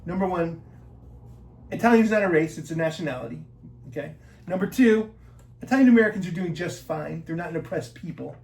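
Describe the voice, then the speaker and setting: A man co-hosting a casual podcast, cracking jokes and arguing his points in quick asides. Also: fairly high pitch, lively intonation, creaky, a little mellow, low-quality recording. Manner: wisecracking, argues his point in numbered asides. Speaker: podcast co-host. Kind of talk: casual joking banter.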